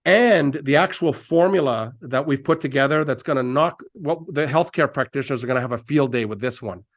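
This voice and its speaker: A man giving an energetic, hyped-up sales pitch, repeating himself and firing off quick asides. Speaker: company presenter.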